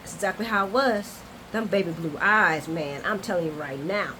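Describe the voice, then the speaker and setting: Over a noisy background, a fairly low-voiced woman talks at normal speed with hardly any pauses. It's a casual soap opera recap delivered straight to camera, animated and chatty, with playful asides aimed at "y'all."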